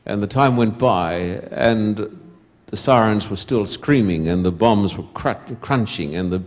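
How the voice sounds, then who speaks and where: A man delivering a sermon in a fairly low voice. He speaks slowly and deliberately, letting his voice sink to a hush at the tender moments. His voice comes through a stage mic in front of a congregation. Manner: slow, deliberate storytelling with hushed quiet passages. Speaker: preacher.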